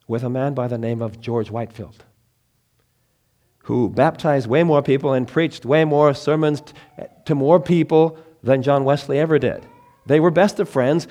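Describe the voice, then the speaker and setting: A man preaching a sermon with emphatic, deliberate phrasing, pausing for effect and dropping to quiet, low lines between loud emphatic ones. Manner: emphatic, slow deliberate phrasing with dramatic pauses.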